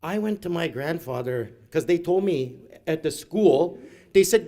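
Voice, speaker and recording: Middle-aged man, comic storyteller, animated, does his family's voices. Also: fairly high pitch, a little slow. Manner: animated, acts out relatives in quoted voices. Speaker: storyteller at a graduation event. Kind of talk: humorous personal storytelling. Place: event hall.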